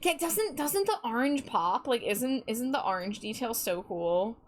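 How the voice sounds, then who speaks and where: Giggly Midwestern woman streamer, higher voice. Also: expressive, a little slow. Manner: giggly, playful, chatty. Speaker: livestreamer. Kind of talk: casual chat with live chat.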